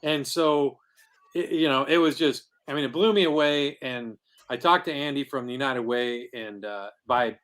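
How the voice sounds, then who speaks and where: A podcast guest tells, in an earnest and rambling way, the story of founding a comic convention. The casual interview features his mid-range, fairly bright voice at a normal speed.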